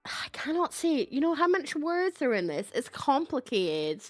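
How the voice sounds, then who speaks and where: A woman's voice: high voice, big pitch swings, moderate pace, no room sound, clean studio sound, soft background music. A woman with a Scottish accent giving casual, chatty livestream commentary over a game, reading and joking at herself. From Scotland. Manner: chatty, self-mocking, laughs often.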